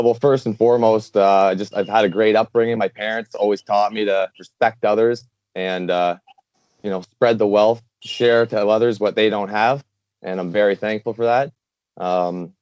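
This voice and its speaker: A man's voice: fairly low pitch, steady tone, moderate pace, darkish tone, no room sound. Man from canada, earnest, rambling, dry dull lo-fi recording. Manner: earnest, rambling, many fillers and restarts. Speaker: guest, charity founder. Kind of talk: casual interview talk.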